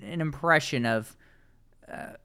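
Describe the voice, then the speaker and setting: A man co-hosting a podcast, chatting casually and sarcastically about a reality show, with halting restarts. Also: a little high, sharp tone, clean tone. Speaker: podcast co-host. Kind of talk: casual podcast recap chat.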